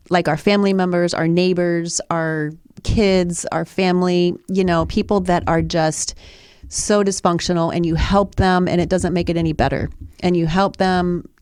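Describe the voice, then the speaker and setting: A woman chats on a podcast with a fairly low voice. She tells her story in a rambling way, restarting her sentences often. The sound is dry and close. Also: a little mellow, clean tone, no echo. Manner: rambling with many restarts and fillers. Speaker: podcast co-host. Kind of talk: casual storytelling chat. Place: podcast studio.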